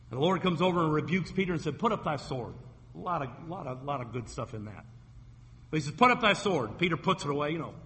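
A man's voice: a little high, sharp tone, in a large hall. A man preaching a sermon as a pastor, retelling scripture stories vividly and acting out the quoted voices.

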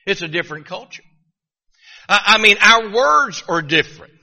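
A man's voice: high voice, animated, normal speed, bright, forceful tone, big-room sound. A middle-aged man from Virginia with a Southern accent, preaching a folksy sermon and often repeating his first words as he starts a sentence. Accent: Southern American. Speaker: pastor.

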